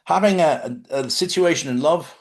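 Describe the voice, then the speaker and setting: A man's voice: a little high, normal speed. A man, talking casually about spiritual living and telling stories from his own life, often checking in with his listeners. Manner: conversational storytelling, asks listeners questions. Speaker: host.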